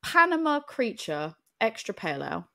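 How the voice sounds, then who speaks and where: A woman's voice: fairly high pitch, big pitch swings, normal speed, creaky, fairly bright tone. A British woman co-hosting a casual chat, swearing and laughing at herself. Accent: British English. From United Kingdom. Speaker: podcast co-host.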